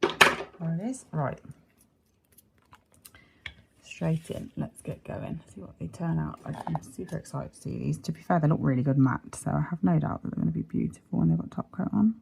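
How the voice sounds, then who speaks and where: A woman's voice: low voice, normal speed, creaky, a little hiss or hum. A woman chatting casually as she talks through a nail art tutorial, rambling and correcting herself as she goes. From United Kingdom. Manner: chatty, self-interrupting, apologetic. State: hiccuping.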